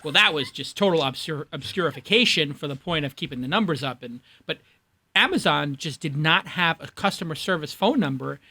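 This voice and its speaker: A man with a Brooklyn accent hosting a studio panel, opinionated and animated. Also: fairly high pitch, fairly quick. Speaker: host. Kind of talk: panel discussion.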